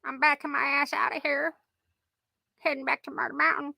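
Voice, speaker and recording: Lady putting on a high gravelly tough-guy tomcat, bragging and meowing, dry close sound. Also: little pitch movement, a little fast, bright, forceful tone, dry recording, exaggerated voice. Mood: swaggering. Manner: boastful meowing taunts. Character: weird bullying male house cat, tough, proud.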